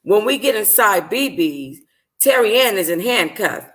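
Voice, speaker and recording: A woman's voice: mid-range voice, animated, measured pace, fairly bright tone. A woman reading a novel aloud for a book club, casual and profane, stopping to apologize for slips.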